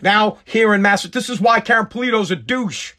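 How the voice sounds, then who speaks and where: A man's voice: high-pitched, a little fast, sharp tone. A man giving a profane, angry rant, blunt and sarcastic in his commentary.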